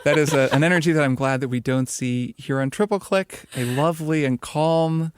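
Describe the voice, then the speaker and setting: A man's voice: on the high side, normal speed, smooth, no echo, clean studio sound. A man hosting a podcast, chatting casually and reading out show announcements in an upbeat way. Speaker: podcast host.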